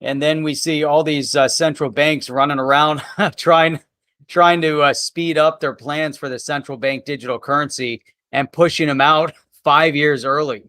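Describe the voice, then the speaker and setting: A man's voice: a little high, fairly even intonation, moderate pace, pushed and bright, dry recording, studio quality. A man co-hosting a live crypto talk show in casual chat, laughing often as he talks.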